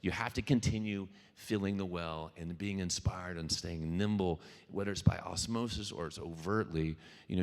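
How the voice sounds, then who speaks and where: With a low voice, a man from Louisiana, a singer-songwriter and the event's featured speaker, gives a loose, joke-filled keynote to a live audience. He goes off on tangents, talks to the crowd and swears freely, and the venue PA carries a long hall reverb.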